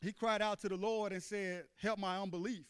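A man delivers a sermon in a church with a high, smooth and resonant voice. He reads scripture aloud and keeps checking in with his listeners by asking "amen?" and "you see what I'm saying?". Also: fairly even intonation, moderate pace, fairly bright tone. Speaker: preacher.

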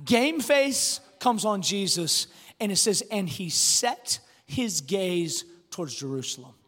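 Male preacher, animated storytelling, higher voice, big reverberant hall. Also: a little slow, husky. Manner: storytelling, animated, frequent restarts. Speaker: pastor. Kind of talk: sermon.

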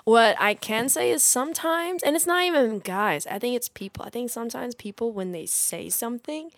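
A woman co-hosting a podcast in casual chat, speaking in a chill, monotone way. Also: a little high, moderate pace, no echo. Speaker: podcast co-host.

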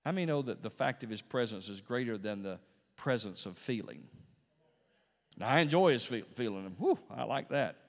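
A man preaching a Pentecostal sermon, swinging between hushed, slow passages and loud, rising emphasis, repeating phrases for effect. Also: mid-range voice, expressive. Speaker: pastor. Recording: long reverb of a large hall.

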